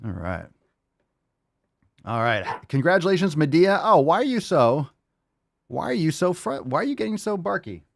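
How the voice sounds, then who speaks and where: Animated, profane male podcast host. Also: fairly high pitch, moderate pace, vocal fry, pauses often, no room sound, clean studio sound. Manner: profane, scolds barking dogs mid-show. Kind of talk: casual podcast chat.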